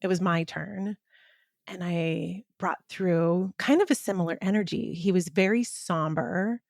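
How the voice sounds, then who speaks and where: A woman co-hosting a podcast who talks in a casual, rambling way and often pauses to search for her words. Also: on the low side, gravelly, no echo, clean studio sound. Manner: rambling, hesitant, many fillers and restarts. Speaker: podcast co-host.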